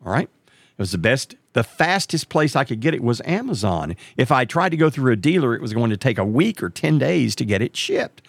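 A middle-aged man, telling a story casually and jumping way up in pitch when he quotes other people. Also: brisk, gravelly, no echo. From Texas. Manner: animated, jumps way up in pitch when quoting others.

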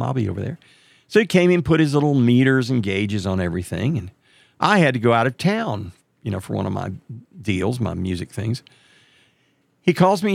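Gravelly man telling a story. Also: dry recording, studio quality. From Texas. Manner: animated, jumps way up in pitch when quoting others. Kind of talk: casual storytelling monologue.

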